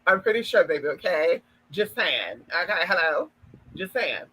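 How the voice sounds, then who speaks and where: A man's voice: a little high, very animated, normal speed, bright, forceful tone, a little hiss or hum, low-quality recording. A man in a sassy, flamboyant, profane casual gossip vlog, calling listeners honey and girl. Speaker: spiritual content creator.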